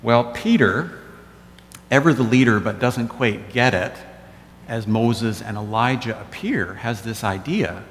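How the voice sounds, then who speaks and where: A man's voice: fairly low pitch, moderate pace, fairly bright tone, slight background noise. A man giving a sermon as pastor, telling stories with wry asides. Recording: echoey church hall.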